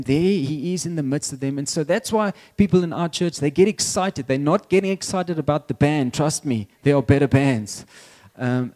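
A middle-aged man gives a sermon from the pulpit in a loose, conversational way. His voice sits a little high for a man, yet it sounds mellow and dark. He stumbles over repeated words and lets out small laughs. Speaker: pastor.

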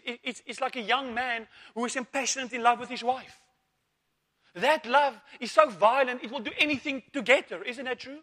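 Preacher guy, high voice, keeps asking isn't that true and amen, long echo like a big church hall. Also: bright, forceful tone. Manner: rhetorical questions, calls of amen, repeats words. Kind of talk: sermon.

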